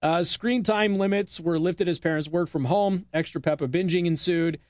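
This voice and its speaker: A man's voice: high voice, normal speed, darkish tone, dry recording. A man hosting a talk radio show, chatting casually into a studio microphone with friendly asides and small laughs. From United States.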